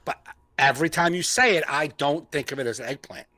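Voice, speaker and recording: A man's voice: on the high side, a little fast, pushed and bright, dry recording. A man co-hosting a podcast, teasing his partner and laughing often in casual chat. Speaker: podcast co-host.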